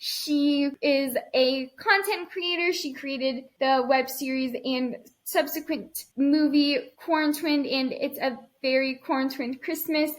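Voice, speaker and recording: A woman's voice: high voice, steady tone, slow pace, hardly any pauses. A young woman hosting a podcast, chatty and teasing in casual conversation. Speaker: podcast host.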